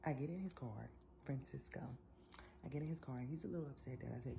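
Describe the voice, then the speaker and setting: A young woman, telling an animated, sassy story in a casual vlog. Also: a bass voice, quick pace, vocal fry. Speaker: vlogger.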